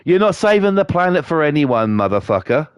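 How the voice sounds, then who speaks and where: A man's voice: on the high side, sing-song, fairly quick, smooth, no room sound, studio quality. A British man streaming a game, ranting bluntly and swearing constantly as he chats to viewers. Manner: profane, blunt, scornful. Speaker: livestreamer.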